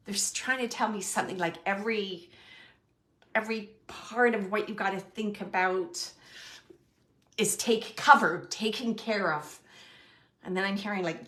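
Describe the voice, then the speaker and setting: Soft-spoken woman giving a halting reading. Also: mid-range voice. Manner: halting, searching, relays messages with many fillers; gentle and reassuring. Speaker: psychic medium. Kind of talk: spirit reading for a sitter.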